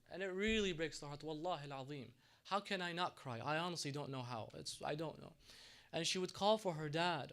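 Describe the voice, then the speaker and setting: A man's voice: fairly high pitch, brisk. Impassioned man giving a mosque lecture. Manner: impassioned, swings from soft to loud and back. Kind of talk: religious lecture. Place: mosque hall.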